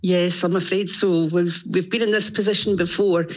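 Woman, radio guest, dull lo-fi line, soft rueful tone. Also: lowish voice, steady tone, normal speed. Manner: rueful, softly spoken. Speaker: guest, exhibition founder. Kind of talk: radio interview.

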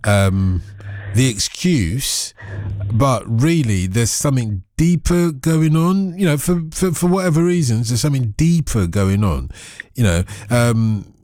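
Lively teasing man chatting. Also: mid-range voice, unhurried, no room sound, studio quality. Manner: lively, teasing, full of laughs. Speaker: conversation partner. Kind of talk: casual chat.

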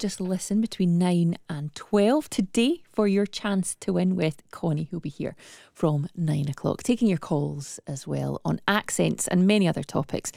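A woman presenting a breakfast radio show, chatting briskly between items from a studio. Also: on the low side, vocal fry, dark tone, no room sound. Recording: dry studio sound.

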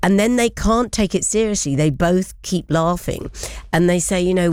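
A woman hosts a talk show, telling stories in a chatty way, often close to laughter. Her voice sits a little low for a woman. The recording is dry and close, with no room sound. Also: normal speed, a little mellow, clean tone, no room sound. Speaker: radio host. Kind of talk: casual chat.

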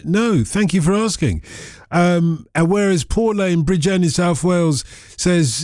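A man's voice: sits high, unhurried, darkish tone, dry recording, clean studio sound. A man hosting a late-night radio phone-in, rambling and joking between listener messages. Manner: rambling, jokey, filler-heavy banter. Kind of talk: casual chat. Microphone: studio microphone.

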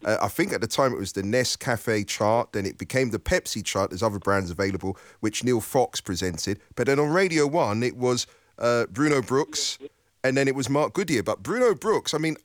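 A man's voice of middling pitch, recorded close and dry. He hosts a relaxed interview and works his way through his questions in a hesitant, musing way. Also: dry recording. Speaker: host. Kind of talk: casual interview chat.

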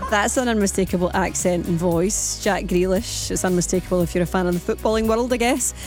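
A woman's voice: medium pitch, over music. A woman presenting a morning radio phone-in, chatty and asking listeners lots of questions. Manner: chatty, asks rapid questions, reads out phone numbers.

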